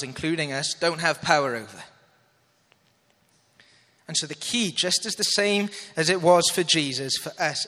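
A man's voice: fairly high pitch, sharp tone, long reverb tail. A man preaching a sermon in an earnest manner, checking that listeners follow and reading scripture aloud. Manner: earnest, asks audience to follow along.

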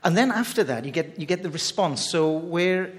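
A man preaching a sermon in a conversational, halting way, often restarting his phrases as he talks to the congregation. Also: fairly high pitch, expressive. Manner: conversational, halting with many repeated starts. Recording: long reverb from a large hall.

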